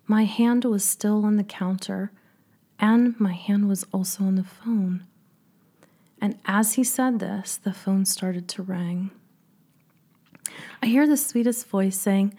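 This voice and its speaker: A middle-aged woman shares a personal story with quiet emotion and often sinks to a whisper. Her voice is husky, with a gravelly fry and a mellow, dark tone. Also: medium pitch, steady tone, measured pace. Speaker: speaker and coach.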